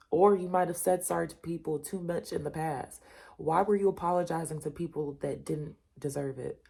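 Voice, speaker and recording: A woman's voice: sits low, normal speed, creaky, mellow, slightly rough. A woman giving a casual spoken tarot reading, talking straight to the listener, repeating her points with emphasis and reassurance. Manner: direct, repetitive, addresses the listener as you and y'all. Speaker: tarot reader.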